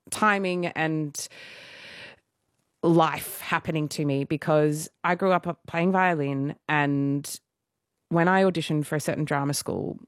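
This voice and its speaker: Woman on a radio interview, deep for a woman, laughs a lot while she tells stories, dry studio sound. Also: dry recording. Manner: animated, laughing, self-deprecating. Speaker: musical theatre performer, guest. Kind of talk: casual radio interview storytelling.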